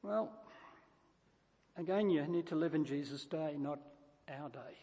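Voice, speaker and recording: High-voiced preacher in an echoing hall. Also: male voice, unhurried, warm tone. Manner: emphatic, building points through repetition with frequent restarts. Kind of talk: sermon.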